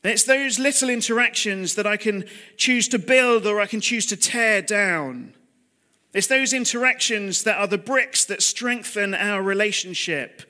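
A man in his thirties gives a sermon over a video call, his voice pitched high. He talks plainly and personally, confessing his own failings and asking his listeners questions. The tone is bright and forward. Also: measured pace. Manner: confessional, conversational preaching with rhetorical questions. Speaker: preacher. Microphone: computer mic on a video call.

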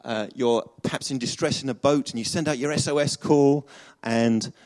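A man's voice: medium pitch, steady tone, moderate pace, a little mellow. A man preaching a chatty sermon to a congregation, with many fillers and restarts.

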